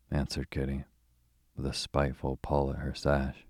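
A young man hosting and narrating a bedtime story in a slow, calm, soothing way. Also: a bass voice, dry recording, studio quality.

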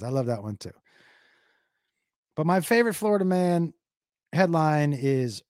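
Man, casual profane storytelling, live chat, slightly high voice, dry close sound. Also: measured pace, long pauses, dry recording. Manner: profane, animated, does silly noises. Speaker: comedian streamer reading chat.

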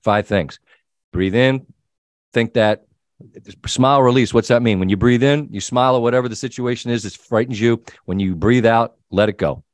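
A middle-aged man hosting a sports talk show, telling an animated story and acting out the people in it. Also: mid-range voice, a little fast, no room sound. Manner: animated storyteller, quoting himself and others. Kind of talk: casual storytelling chat.

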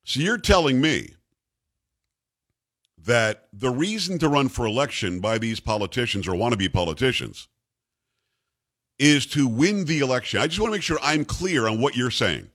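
A male talk radio host with a lively, swinging pitch. He argues by firing rhetorical questions at his co-host. He leans hard on his points. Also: moderate pace, pauses often.

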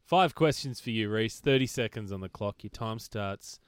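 A man co-hosting a casual podcast, running a trivia quiz in a brisk, dry way. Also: fairly low pitch, clear, resonant tone, dry recording. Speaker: podcast co-host, quizmaster. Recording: noisy background.

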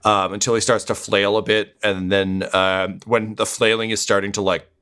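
A man's voice: lowish voice, flat delivery, normal speed, sharp tone, smooth. A man running a tabletop game as game master, hesitant and full of ums.

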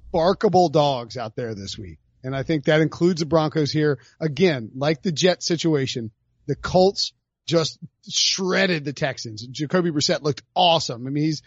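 A man's voice: fairly high pitch, no room sound, highs cut off. A man hosting a podcast, chatting casually about football picks with jokey asides. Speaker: podcast host. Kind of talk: casual sports betting chat.

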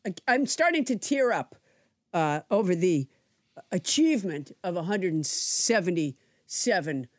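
A woman's voice: fairly low pitch, big pitch swings, measured pace, no echo, studio quality. A woman hosting a comedy podcast, sentimental and self-mocking. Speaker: host.

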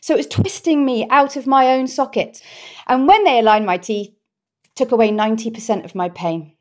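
Heartfelt British woman, higher voice. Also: moderate pace. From Britain. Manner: heartfelt, expressive storyteller. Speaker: guest. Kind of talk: conversational interview.

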